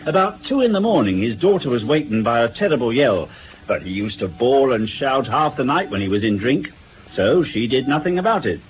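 An actor playing an earnest, frustrated police inspector in a radio drama, reporting in a plain, matter-of-fact way. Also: male voice, mid-range voice, very animated, brisk, close to an everyday voice. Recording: tinny phone-like radio broadcast with faint hiss.

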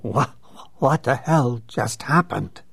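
A man's voice: mid-range voice, expressive, slow pace, gravelly, breathy edge, dry recording, exaggerated voice. A man voicing a furious, blustering middle-aged male boss in an audiobook. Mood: dazed. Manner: blustering, indignant.

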